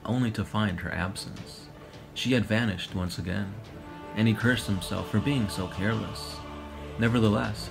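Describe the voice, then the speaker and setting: A man narrating a fantasy war story in a steady, dramatic way. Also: fairly low pitch, vocal fry, rough recording.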